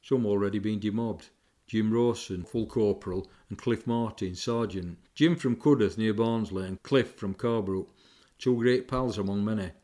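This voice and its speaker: Older man, low reflective voice. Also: normal speed. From England, Sheffield. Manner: plain-spoken, reflective, softening with grief. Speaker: war veteran recounting memories. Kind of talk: personal memoir recollection.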